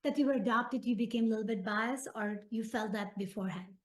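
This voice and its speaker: Engaged woman with a fairly high voice. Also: brisk. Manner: engaged, asks follow-up questions, relates her own experience. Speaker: podcast guest. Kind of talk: conversational interview chat.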